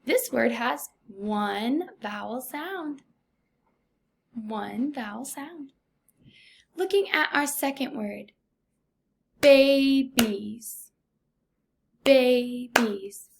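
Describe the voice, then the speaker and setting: Slow, high-voiced teacher with vocal fry. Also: female voice, animated. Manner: slow, deliberate, encouraging teacher talk. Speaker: first grade teacher. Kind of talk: recorded remote phonics lesson.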